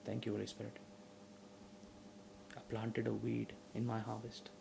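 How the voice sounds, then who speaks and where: Male preacher, warm timbre, emphatic sermon delivery that builds in volume. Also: fairly low pitch, monotone, unhurried, creaky, slight background noise, low-quality recording. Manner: rising to loud emphatic preaching; asks the audience questions.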